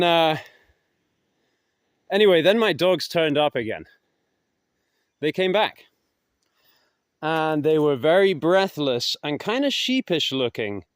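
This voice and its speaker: A man telling stories in a casual vlog, rambling and hesitant, his voice trailing off softly at the ends of thoughts, recorded outdoors in woods. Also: fairly high pitch, no echo, clean studio sound. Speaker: vlogger. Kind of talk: casual anecdotal storytelling.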